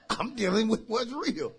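A male pastor preaching a sermon to his church, pushing his points with shouted lines and repeated calls to the congregation. His voice sits very high and cuts through bright and sharp, with a husky, raspy grain and wide, lively swings in pitch. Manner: emphatic call-and-response preaching, shouting key phrases. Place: church service.

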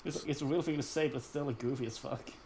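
A man in casual chat, reacting excitedly and swearing a lot while reading a comic with a friend. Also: mid-range voice, brisk, a little hiss or hum. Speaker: co-host reading a fan comic.

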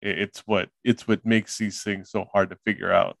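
A man's voice: lowish voice, level tone, normal speed, vocal fry, a bit bright, dry recording. A man co-hosting a podcast, chatting casually and laughing along about a movie. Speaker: podcast co-host. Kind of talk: casual chat.

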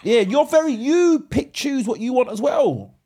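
Husky, high, argumentative man. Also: animated, measured pace, dark tone. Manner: interrupting, teasing, argumentative. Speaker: podcast co-host. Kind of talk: casual banter.

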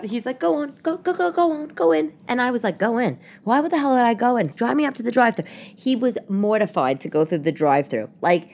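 A middle-aged woman from New York hosting a casual solo podcast, rambling through comic stories and asides. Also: low voice. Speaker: podcast host.

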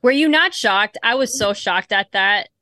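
A woman co-hosting a podcast, chatting casually and gushing, with quick back-and-forth interjections. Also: mid-range voice, expressive, pushed and bright, no echo, clean studio sound. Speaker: podcast co-host. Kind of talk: casual chat.

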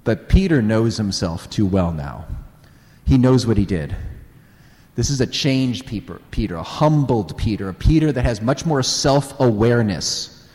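A man preaching a sermon in an animated way, acting out dialogue and putting questions to the audience. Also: mid-range voice, measured pace, long reverb tail.

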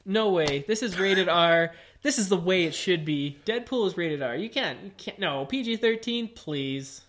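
A man's voice: high voice, lively intonation, normal speed, a bit bright. A man co-hosting a casual podcast, enthusiastic and jokey. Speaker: podcast co-host. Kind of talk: casual chat.

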